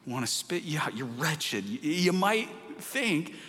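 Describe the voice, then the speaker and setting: A man preaching a sermon with passion, rising to loud urging and dropping to a hushed near-whisper. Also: on the high side, very animated, moderate pace, hardly any pauses. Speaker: pastor. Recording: long hall reverb.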